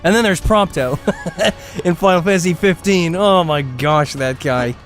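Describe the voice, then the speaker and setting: Over faint background music, a game streamer talks at a moderate pace in a voice on the high side. His live commentary wanders and rants, full of self-interruptions, frequent laughter and overblown gripes.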